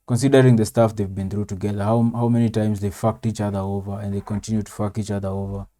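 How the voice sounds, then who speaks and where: A man's voice: on the low side, level tone, fast talker, mellow. A man casually commenting on a TV episode as he watches, rambling and tacking "man" or "bro" onto his lines. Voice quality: says "man" and "bro" constantly, rambling with fillers. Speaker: reaction video host. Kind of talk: casual commentary over TV clips.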